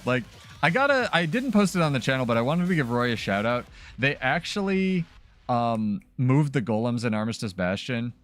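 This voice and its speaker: A man's voice: mid-range voice, big pitch swings, moderate pace, a bit bright, soft background music. A man talking casually as a streamer during live gameplay, loose and chatty with many fillers.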